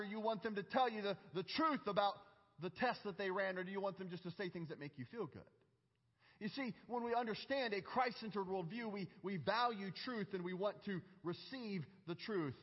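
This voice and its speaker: A middle-aged male pastor preaching a sermon with earnest, emphatic delivery and deliberate pauses. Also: high-pitched, breathy edge, long reverb tail, muffled recording.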